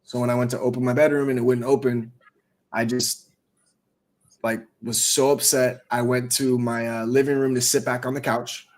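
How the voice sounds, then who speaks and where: A man telling a story in a loose, slangy way, swearing freely and peppering his lines with bro and dog. His pitch sits in an ordinary middle range for a man. He sounds like a host talking over a call microphone. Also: level tone, moderate pace. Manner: profane slang-heavy storytelling, calls listeners bro and dog. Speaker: host of a live audio space. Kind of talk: casual storytelling chat.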